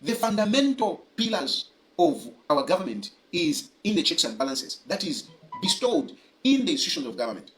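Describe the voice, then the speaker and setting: A man giving forceful political commentary, repeating his points for emphasis. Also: on the high side, very animated, normal speed, rough recording. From Zambia.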